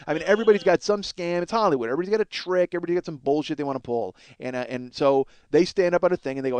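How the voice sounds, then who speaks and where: A man's voice: on the high side, racing, hardly any pauses, clear, resonant tone, no echo. A man telling a rambling, profane story as a podcast host, acting out what others said. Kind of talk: casual storytelling monologue.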